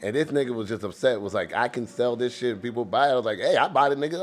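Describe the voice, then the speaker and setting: A young man co-hosting a podcast, talking fast in long run-on sentences and running out of breath at their ends. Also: medium pitch. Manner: fast, run-on, animated storytelling with profanity. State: short of breath. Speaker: podcast co-host. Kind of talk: casual podcast banter.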